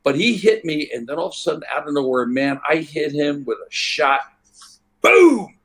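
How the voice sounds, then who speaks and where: An older man, a guest on an interview, telling rambling stories in a relaxed way and acting out the voices of people in them. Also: on the high side, a little fast. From United States. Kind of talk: relaxed anecdotal storytelling.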